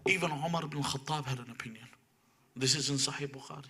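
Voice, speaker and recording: Forceful, bright-voiced man lecturing. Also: mid-range voice, fast, breathy edge. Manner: rhetorical questions, emphatic. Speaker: religious lecturer. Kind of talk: religious lecture to a live audience. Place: room with a live audience.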